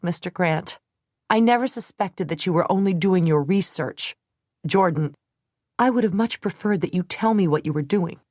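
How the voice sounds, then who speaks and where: A woman reading the part of an angry young woman who is hurt and accusing, in a sharp, scathing voice. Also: medium pitch, no echo, clean studio sound, voice pushed up, lightly acted. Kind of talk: audiobook character reading.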